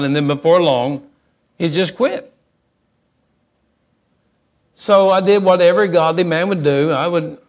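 A middle-aged man, preaching a sermon in a folksy, animated storytelling manner, alternating quick asides with slow emphasis. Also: on the high side. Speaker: pastor.

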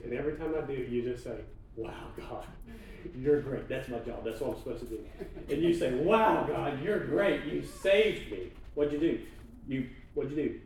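Casual: man preaching a sermon, mellow tone, draws out verses for emphasis, sounds a bit far off in a big echoey room, faint hum behind. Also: mid-range voice. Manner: emphatic, slows down to stress scripture readings; asks the congregation to read along aloud. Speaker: pastor. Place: church sanctuary. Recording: echoey sanctuary, mic heard from a distance.

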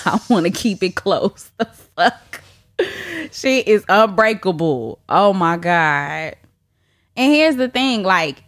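A woman's voice: fairly low pitch, a bit bright, no echo, clean studio sound. Solo host, woman, candid confessional podcast, frank and profane, laughs a lot, plays up mock sobbing. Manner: blunt and profane, laughing often, mock wailing.

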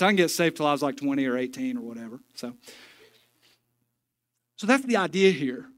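A man's voice: fairly high pitch, expressive, fast, fairly bright tone. A man preaching a sermon in a church, folksy and joking, with emphatic stretches. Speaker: pastor. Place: church sanctuary.

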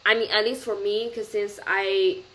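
A woman's voice: medium pitch, flat delivery, normal speed, a bit bright, rough recording. Young woman, gropes for english words, light hiss. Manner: searching for words, non-native grammar, giggly. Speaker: podcast co-host. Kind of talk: casual chat.

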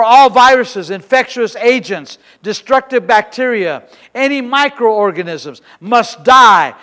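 A man preaching a sermon as pastor, making loud, emphatic declarations for the congregation to repeat. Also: sits high, big-room sound.

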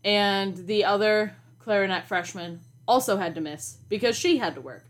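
A young woman co-hosting a podcast, casually telling a college story in an animated, exasperated way, with swearing and laughter. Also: mid-range voice, moderate pace, slight background noise. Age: young adult. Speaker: podcast co-host.

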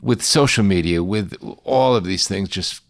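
A man's voice: low-pitched, normal speed. A man hosting a casual conversation in a wry, thoughtful way. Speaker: podcast host.

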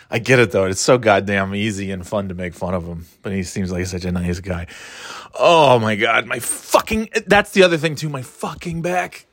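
A man's voice: lowish voice, moderate pace, a bit bright, dry recording. Profane, sarcastic man on a dry mic. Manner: frequent restarts and stumbles. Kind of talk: rambling casual rant.

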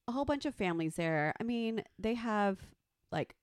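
Lively, animated woman telling a story. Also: medium pitch, normal speed, smooth, no room sound, studio quality. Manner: animated, profane, acts out quotes. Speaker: podcast co-host. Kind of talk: casual storytelling chat.

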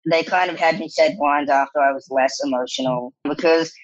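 A man, an actor guest, telling stories in a casual interview, animated and laughing often as he quotes others. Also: fairly high pitch, fairly quick, dull audio. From New Zealand.

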